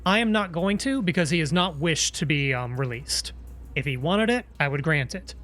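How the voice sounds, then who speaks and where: A man's voice: fairly high pitch, lively intonation, normal speed, fairly bright tone, soft background music. A man commenting on his gameplay during a live stream, chatty and musing, with playful asides.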